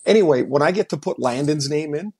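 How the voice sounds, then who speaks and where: A man's voice: on the high side, lively intonation, fast, mellow, breathy edge. A middle-aged man co-hosting a casual podcast, telling stories, acting out what others said and laughing. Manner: storytelling, acts out quotes, laughs. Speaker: podcast co-host, former hockey player. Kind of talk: casual chat.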